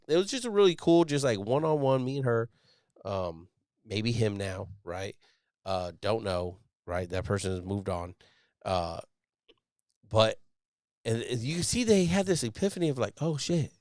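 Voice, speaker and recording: A thirty-something Navy sailor hosting a podcast's casual live stream speaks with a medium-pitched, darkish voice. Recorded at studio quality with no room sound, he rambles bluntly and profanely, restarting often.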